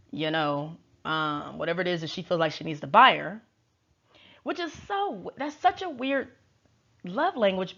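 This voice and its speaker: Chatty low-voiced woman tarot reader. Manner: chatty, slangy and wry. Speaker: tarot reader and show recapper. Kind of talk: casual chat. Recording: dull lo-fi recording.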